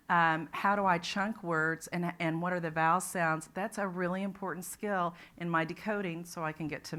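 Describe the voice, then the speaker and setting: Low-voiced woman giving a conference talk. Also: a bit bright. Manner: explanatory, many restarts. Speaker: conference presenter. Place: conference room.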